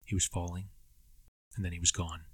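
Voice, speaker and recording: A man narrating a dark story in a measured, somber way. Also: deep voice, level tone, slightly rough, dry recording. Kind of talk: scripted audiobook narration.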